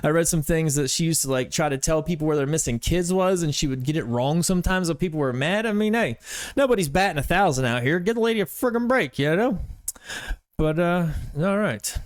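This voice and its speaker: A man's voice: on the high side, brisk, no echo, studio quality. A man, a comedian, rambling casually as he reacts to online videos, with lots of fillers. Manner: rambling, chatty, filler-heavy.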